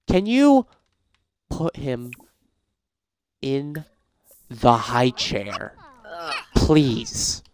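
Game commentator, male, mid pitch, smooth clear voice, dry close mic, chatty and prone to frantic outbursts. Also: no room sound. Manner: reads game prompts aloud, grows frantic and shouty. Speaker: gaming YouTuber. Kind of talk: casual let's-play commentary.

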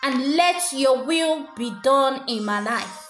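A woman's voice: high-pitched, lively intonation, slow, fairly bright tone. A woman giving an earnest encouraging sermon, often repeating words for emphasis. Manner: earnest, repeats words and stumbles when stressing. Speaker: preacher. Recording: echoey room with faint music.

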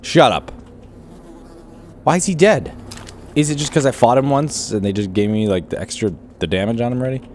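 A man hosting a let's play video, joking and shouting at enemies as he plays. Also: mid-range voice, quick pace, hardly any pauses, a little hiss or hum. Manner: jokey and exclamatory, shouting at enemies. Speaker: gaming video host.

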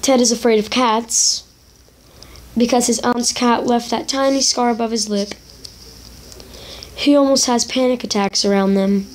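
A woman reading out the texts of a menacing dead ex-girlfriend from a chat story, slow and flat. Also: a little high, close to an everyday voice. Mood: ominous.

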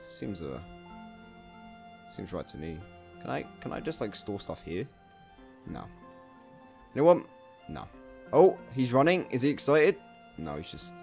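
A man doing casual let's play commentary, talking to himself and bursting into loud swearing exclamations. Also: sits low, creaky. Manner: chatty self-talk, swearing, bursts of exclaiming. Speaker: gameplay commentator.

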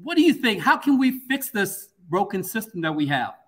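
A man interviewing a guest, halting and repeating words as he searches for his phrasing. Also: high-pitched, big pitch swings, a bit bright, husky. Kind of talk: interview questions.

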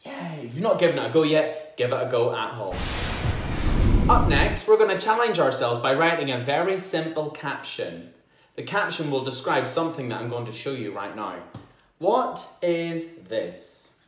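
Slow, lively phonics teacher, echoey room. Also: male voice, mid-range voice. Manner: slow, sounding out words and praising children. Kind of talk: home-learning phonics lesson.

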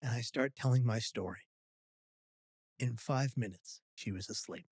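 A man's voice: mid-range voice, measured pace, breathy edge, no echo, studio quality. A man, a podcast guest telling a funny story with acted-out quotes. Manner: animated storyteller, acting out quotes.

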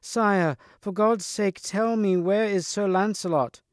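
An urgent young noblewoman messenger pleads in a high, insistent voice, as a man reading the story puts her on. The sound is dry and close, with no room around it. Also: fairly even intonation, normal speed, clean tone, dry recording, close to an everyday voice.

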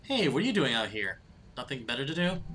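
A man's voice: medium pitch, big pitch swings, fast talker, bright, forceful tone. A man voicing a stern small-town police officer aunt in a video game, bossy and scolding.

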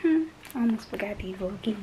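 A woman's voice: mid-range voice, animated, quick pace. A woman in her late teens talking casually to her phone camera in a vlog, chatty and often dropping to a whisper. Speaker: vlogger. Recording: noisy phone recording.

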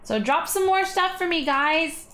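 A woman putting on a stereotypical nerd voice, high and nasal with excited squeals. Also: measured pace, reverberant. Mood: pleading.

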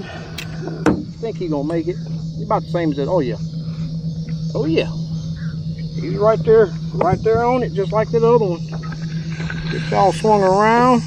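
A man's voice: high-pitched, very noisy. A man, chatting casually to viewers while fishing from a boat on a lake. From Texas. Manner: chatty, drawling, addresses viewers as y'all. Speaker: fishing guide. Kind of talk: casual fishing vlog commentary.

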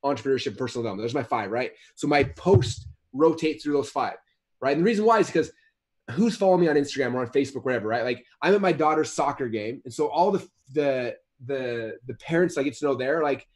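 A man's voice: medium pitch, lively intonation, fast. A man in his thirties, a guest author in a casual interview, talking in a rambling way with many restarts and repeated words.

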